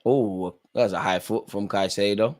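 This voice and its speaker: A man's voice: fairly low pitch, fairly even intonation, a little slow. A man hosting a live football watchalong, calling out players by name and bantering in casual slang. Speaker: watchalong host.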